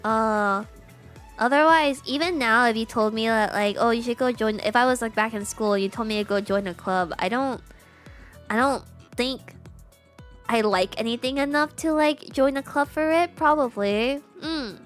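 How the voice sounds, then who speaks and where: A woman's voice: on the high side, normal speed, soft background music. A woman in her mid-twenties chatting casually on a gaming stream, telling stories with lots of giggles. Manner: giggly, animated storytelling.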